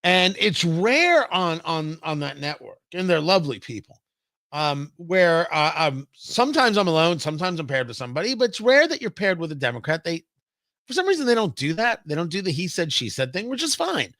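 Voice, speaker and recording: A bright, high-pitched male talk radio host with a very lively, swooping delivery. He is sarcastic and opinionated, punching some lines and muttering others. His voice sounds dry and close to the mic. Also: brisk, no echo. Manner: animated, sarcastic, swings between loud jabs and low asides. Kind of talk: opinionated political commentary.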